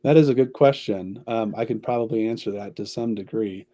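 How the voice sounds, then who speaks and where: A man's voice: fairly low pitch, a little fast, warm tone, no room sound. A man, a company chief executive, answering interview questions at length in an upbeat way. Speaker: agency CEO, podcast guest.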